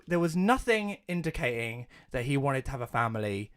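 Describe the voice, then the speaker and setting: A man's voice: medium pitch, expressive, quick pace, a bit bright. A young man with an English accent, co-hosting a casual podcast, ranting about a film with lots of swearing and acted-out quotes. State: coughing, something stuck in throat. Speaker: podcast co-host.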